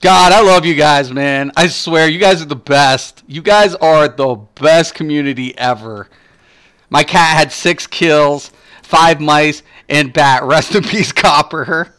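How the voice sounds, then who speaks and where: A man streaming a game, telling stories in casual chat with lively energy and lots of swearing. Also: fairly high pitch, slow, clean tone. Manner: profane, animated storytelling.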